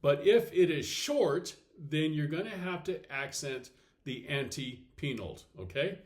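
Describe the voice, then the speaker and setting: A man teaching a recorded slide lesson, explaining step by step, checking in with "okay" and saying example words slowly and deliberately. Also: fairly high pitch, animated. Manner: clear step-by-step explaining with frequent okays. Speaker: Latin teacher.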